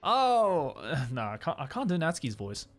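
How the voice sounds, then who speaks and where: A man's voice: medium pitch, sing-song, fast, faint music behind. Chatty male streamer with laughs. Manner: chatty, laughs often, lots of fillers. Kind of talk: casual chat.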